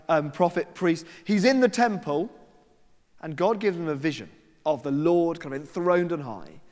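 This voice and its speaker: A man preaching a sermon, telling stories in a chatty way and acting out the people he quotes. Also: fairly high pitch. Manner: conversational storytelling with quoted voices and asides. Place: church. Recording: long hall reverb.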